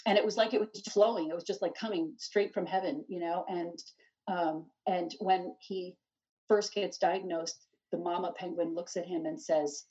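Woman guest, earnest testimony; husky, dull distant lo-fi recording. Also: fairly low pitch, fairly even intonation, normal speed, dark tone. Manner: earnest, with frequent restarts. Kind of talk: emotional personal testimony.

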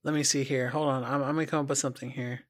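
A man's voice: mid-range voice, little pitch movement, very fast, dry recording, clean studio sound. A man in casual chat, talking with energy and steering the conversation.

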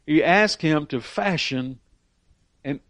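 A man's voice: a little high, slow, fairly bright tone, dry recording, studio quality. A man preaching a sermon with emphatic rises on key phrases and frequent repeated words as he restarts. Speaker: pastor.

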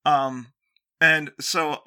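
A man's voice: on the high side, fairly even intonation, drawn-out words, sharp tone, clean tone. A man telling a long, self-deprecating story in casual chat, rambling with many fillers and restarts.

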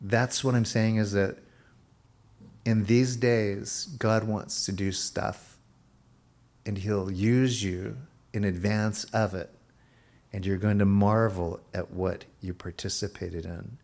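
A male pastor preaching a sermon in an unhurried, emphatic way, his voice sometimes rising suddenly. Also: lowish voice, fairly even intonation, darkish tone.

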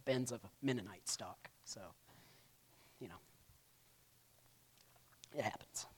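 A man of middle pitch teaches church history in a loose, conversational lecture. He keeps checking in with the room by asking "right?", and he acts out historical quotes in playful voices. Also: takes it slowly, slight background noise. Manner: casual, peppers lines with "right?". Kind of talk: classroom lecture.

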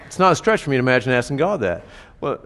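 A man's voice: medium pitch, very animated, very fast, a bit bright. A man preaching a sermon in a conversational way, often asking his listeners rhetorical questions. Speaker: pastor. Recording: reverberant hall.

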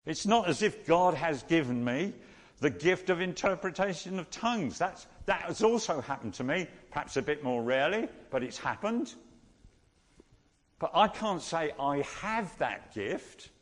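A man preaching a sermon, teaching slowly and repeating key phrases for emphasis. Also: on the high side, expressive, big-room sound.

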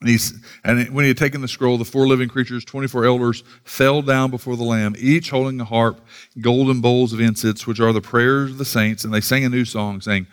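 A man's voice: mid-range voice, fairly even intonation, brisk, clear, resonant tone. Earnest man preaching a sermon. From United States. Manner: earnest, repeats words when starting sentences, reads scripture aloud. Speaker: pastor.

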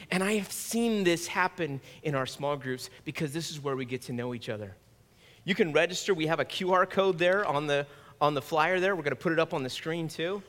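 A man's voice: fairly high pitch, moderate pace, fairly bright tone. A man pastor delivering a sermon in an earnest, conversational preaching manner. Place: church sanctuary. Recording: long reverb of a church hall.

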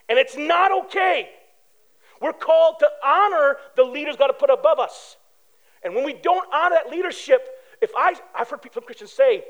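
Man preaching, high voice, lively storytelling sermon. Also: dull audio. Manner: animated, storytelling with acted quotes. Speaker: pastor.

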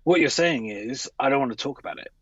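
A man's voice: mid-range voice, animated, quick pace, a bit bright, slightly rough, dry recording. A man co-hosting a sports podcast, making emphatic points in casual talk and repeating them for stress. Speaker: podcast co-host. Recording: dry, dull lo-fi mic.

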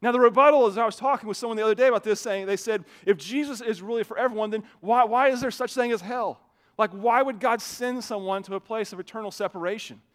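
High-voiced man preaching conversationally. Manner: conversational preaching, often repeats words when starting a phrase; loudness swings widely, from soft asides to emphatic raised lines. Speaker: pastor. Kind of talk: sermon.

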